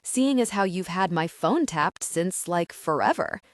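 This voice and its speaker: A woman's voice: fairly low pitch, expressive, measured pace, no echo, clean studio sound. Field: sarcastic teen girl, read by a woman. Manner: sarcastic, snappy. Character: sixteen-year-old girl, sarcastic and irritable. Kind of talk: audiobook character voice.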